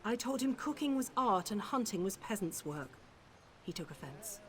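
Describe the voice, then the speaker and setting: An actress voicing a hungover high elf woman chef in a fantasy game, theatrical and self-pitying. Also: big pitch swings, moderate pace, lightly acted. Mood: lamenting.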